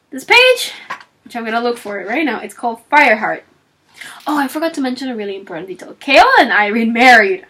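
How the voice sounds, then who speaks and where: A woman talks casually about a novel she just finished, retelling scenes and playing out characters' lines as she goes. Her voice sits a little high and swings widely in pitch. She keeps it chatty and loose, full of fillers. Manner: animated storytelling, acting out characters' lines; chatty with frequent fillers and laughs. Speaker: book reviewer. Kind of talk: casual book talk.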